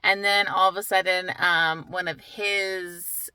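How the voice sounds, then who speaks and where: A woman's voice: on the low side, level tone, slow, bright, forceful tone, clean tone, dry recording, poor audio. A woman book vlogger at home, giving a candid, heated retelling of a novel in a casual reading vlog, with lots of "like.".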